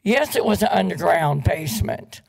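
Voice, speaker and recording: A woman's voice: fairly low pitch, expressive, normal speed, vocal fry, darkish tone, rough recording. A woman giving an upset public comment at a city council meeting, pleading and repeating her demands for answers.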